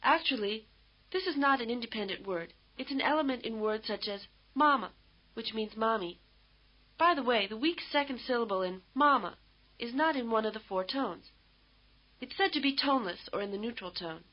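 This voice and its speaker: A woman giving scripted instructional narration for a language course, in a measured, explanatory way. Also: a little high, expressive. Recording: dull lo-fi tape audio.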